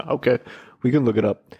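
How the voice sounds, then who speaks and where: A man hosting a podcast in relaxed casual chat, asking questions and sharing trivia. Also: medium pitch, moderate pace, vocal fry, breathy edge, highs cut off. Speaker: podcast host.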